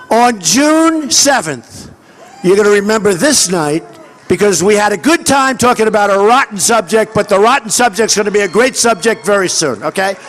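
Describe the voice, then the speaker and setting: An older man giving a campaign rally speech outdoors, boastful and repetitive, shouting to a large crowd and acting out quoted dialogue. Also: extremely high pitch, a little hiss or hum. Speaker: political candidate at a campaign rally.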